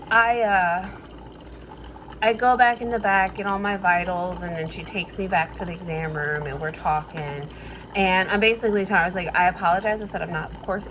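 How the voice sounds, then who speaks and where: A woman's voice: mid-range voice, a little hiss or hum, low-quality recording. A woman vlogging casually in her kitchen, venting with frustration and swearing freely. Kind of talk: casual chat. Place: home kitchen.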